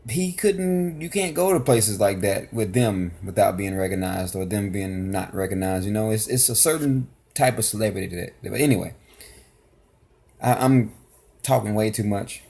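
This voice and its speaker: A man talks loosely while reacting to a video, wandering off his point and circling back to it. His voice has a gravelly, fry-heavy edge. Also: on the low side, normal speed, warm tone. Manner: rambling, loose, full of restarts and fillers. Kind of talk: casual chat.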